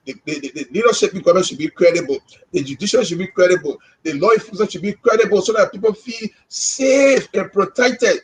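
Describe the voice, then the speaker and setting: Impassioned Liberian man, high voice. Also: quick pace, rough recording. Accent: Liberian English. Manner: impassioned, repeats words when stirred. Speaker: co-host. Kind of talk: live podcast discussion.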